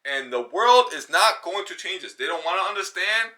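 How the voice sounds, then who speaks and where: A man with a New York accent, talking casually to camera in an animated, slangy way with quick bursts of mimicry. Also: high voice. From New York City. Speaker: vlogger.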